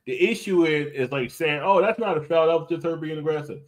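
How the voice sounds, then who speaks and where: A man's voice: fairly high pitch, fairly quick. A man hosting a podcast in loose, rambling casual chat, often swearing. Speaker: podcast host.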